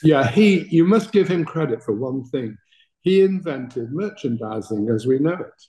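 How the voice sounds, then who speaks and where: A man's voice: a little high, expressive, normal speed, dark tone, echoey room, low-quality recording. An older British man, a talent manager, telling anecdotes as a guest in an interview, chatty and laughing through his stories. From Britain.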